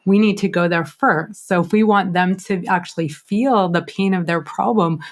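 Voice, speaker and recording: Calm male interview host. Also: high voice, normal speed. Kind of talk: interview conversation.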